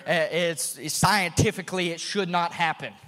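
A man, a missionary preacher, telling a story in a sermon, often repeating himself and building to shouted fervor. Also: high-pitched, normal speed. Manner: repeats and restarts phrases. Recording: long hall reverb.

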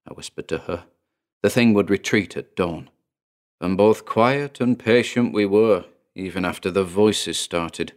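A man narrating his own first-person horror story in a measured, deliberate way, slowing down on key phrases. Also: on the low side. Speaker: narrator and author.

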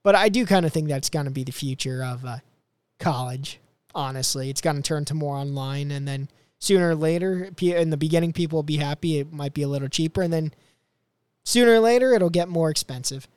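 A man's voice: a little high, a little fast, a little mellow, clear, resonant tone, no room sound. A young man hosting a podcast, chatting casually and loosely about clips he plays, full of fillers and restarts. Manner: rambling, filler-heavy. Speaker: podcast host.

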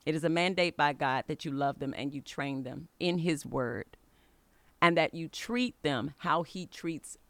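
A woman's voice: low voice, a little slow, no room sound. A middle-aged woman hosting a faith-based podcast, telling a personal story in an earnest, conversational way and urging listeners on. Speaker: podcast host.

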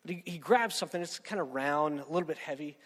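A man's voice: fairly high pitch, fast talker, a bit bright, in a large hall. A man preaching a sermon in a conversational storytelling way, often checking in with "right?". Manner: conversational, keeps asking "right?".

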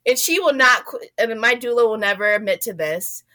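A woman with a fairly high, bright voice tells a personal story as an interview guest. She talks in an animated, chatty way and acts out her own past lines in a raised voice. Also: a little fast.

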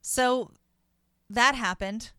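A woman hosting a podcast who talks in a gushing, excitable way in casual chat. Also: a little high, very slow, clear, resonant tone, no echo, clean studio sound. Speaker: podcast host.

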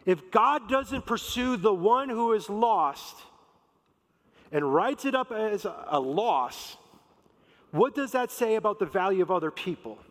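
A man's voice: sits high, expressive, a little slow, a bit bright. A man preaching a sermon in a conversational, emphatic way, acting out quotes. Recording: long reverb of a large hall.

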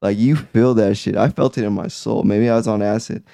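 A man's voice: on the low side, steady tone, fairly quick, gravelly, warm tone, no room sound. A man in casual talk, rambling and emphatic, with profane phrasing. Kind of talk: casual chat.

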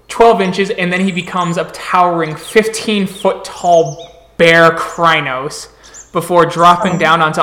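A storyteller narrating a tabletop roleplaying game in an unhurried, descriptive way. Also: mid-range voice, fairly bright tone.

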